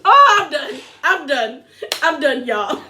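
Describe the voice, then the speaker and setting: A woman hosting a casual reality TV recap vlog, animated and laughing often as she mimics people. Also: sits high, slow, slight background noise.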